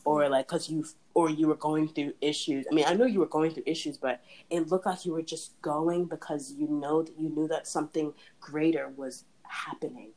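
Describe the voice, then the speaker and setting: A woman's voice: low voice, steady tone, brisk, few pauses, mellow, rough recording. A young woman hosting a casual faith chat, talking in a chatty way with frequent laughs and restarts. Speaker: podcast host.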